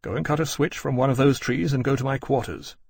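A man playing a stern, gravelly captain. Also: medium pitch, brisk. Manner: clipped, commanding, quietly severe. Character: stern, formal naval captain, adult man. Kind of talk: audiobook character voice.

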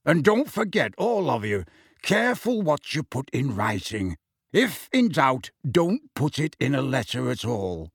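A man voicing a grizzled old wizard warrior who mutters and growls his warnings slowly. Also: medium pitch, sing-song, creaky, breathy edge, dry recording, studio quality, full character voice. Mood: gruff.

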